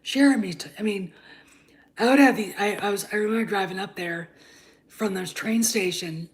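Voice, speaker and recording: A woman's voice: mid-range voice, normal speed. A woman hosting her own channel, talking in a blunt, heated, casual rant and swearing freely. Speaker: channel host. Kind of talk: casual ranting commentary.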